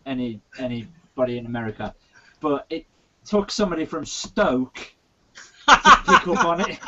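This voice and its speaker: An easygoing man with a West Midlands English accent chats as a guest on a live stream. His voice sits fairly high, and his lines come through a dull, lo-fi video call. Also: bright, forceful tone. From England. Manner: easygoing, chuckles often. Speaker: guest author. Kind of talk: casual live-stream chat. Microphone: webcam or video call.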